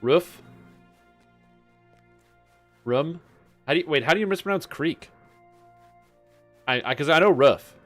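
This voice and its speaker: A man's voice: on the high side, animated, fairly quick, pauses often, fairly bright tone, soft background music. A man streaming a game, chatting casually and breaking into joking, incredulous rants. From Canada. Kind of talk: casual gameplay chat.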